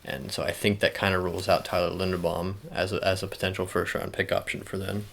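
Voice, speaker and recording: A young man talks low and soft for an ASMR video, his voice gravelly with fry as he rambles through casual chat, full of fillers and restarts. Faint clicking sounds sit underneath him. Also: level tone, fast talker, slight background noise. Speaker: ASMR channel host. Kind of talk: soft-spoken ASMR sports talk.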